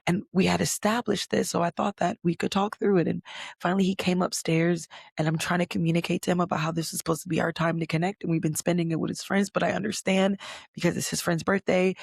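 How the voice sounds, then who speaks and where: A young adult woman on a podcast speaks with a lowish voice marked by vocal fry and a breathy edge. The audio is dry and clean, studio quality. She tells a personal story candidly in a conversational tone, with many fillers and the odd swear word.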